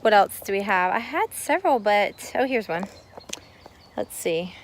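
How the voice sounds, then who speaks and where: A woman's voice: mid-range voice, animated, measured pace. Woman, casual vlogger; rambling, friendly garden walk-through shot on a phone outdoors, light outdoor noise behind. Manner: chatty, rambling, talks to kids and dog while filming. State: a little out of breath from walking. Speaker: homestead vlogger giving a garden tour. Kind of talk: casual walking garden tour. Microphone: phone camera held while walking.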